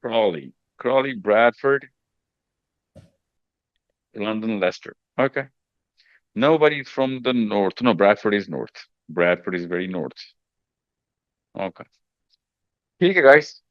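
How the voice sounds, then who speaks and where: A man with a fairly low, expressive voice speaks slowly and pauses often, recorded with no echo and a lo-fi quality. He's a mentor hosting a casual group chat with teenagers, teasing and reassuring them while often repeating himself.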